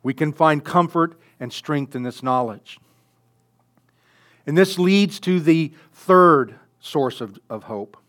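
A man preaching a sermon in an earnest way, building up loudly on key phrases. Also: fairly high pitch, slow. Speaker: pastor.

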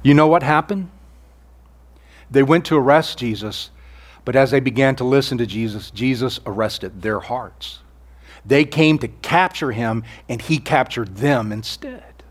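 A man preaching a sermon, earnest and conversational, asking rhetorical questions and sometimes dropping his voice low for emphasis. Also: unhurried. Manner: earnest preaching, rhetorical questions, drops to near-whisper on key lines. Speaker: pastor.

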